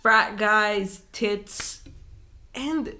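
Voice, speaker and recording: A young woman co-hosting a podcast in casual chat, animated, swearing, laughing and using lots of fillers. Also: medium pitch, extremely slow. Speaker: podcast co-host.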